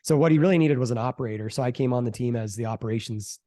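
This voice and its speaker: Mellow-voiced man telling an investing story. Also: medium pitch, rapid-fire. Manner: animated storyteller, acts out quoted voices, fillers like "um" and "like". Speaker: real estate investor guest. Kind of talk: casual storytelling interview.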